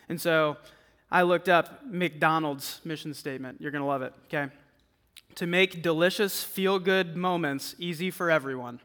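A man preaches to a student group in a relaxed, chatty way, his voice high and bright. His talk stays loose and conversational, dotted with "like" and "right?". The sound rings with a long hall echo. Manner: conversational, uses "like" and "right?" often. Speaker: campus ministry speaker. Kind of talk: sermon. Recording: echoey hall.

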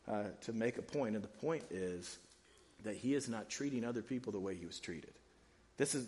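A man preaching a sermon in a casual, animated way, using slang. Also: medium pitch, big-room sound. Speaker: pastor.

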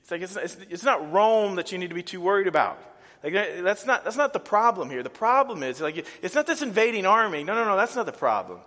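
A man preaching a sermon, animated and casual, with many restarts and fillers. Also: sits high, quick pace. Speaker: pastor. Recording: reverberant hall.

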